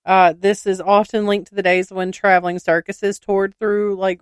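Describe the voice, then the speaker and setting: A woman's voice: mid-range voice, little pitch movement, moderate pace, few pauses, clean tone, no room sound, clean studio sound. A woman co-hosting a podcast, telling anecdotes with giggles and reading odd state laws to listeners. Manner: giggly, storytelling, addresses listeners as y'all. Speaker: podcast co-host. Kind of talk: casual podcast chat.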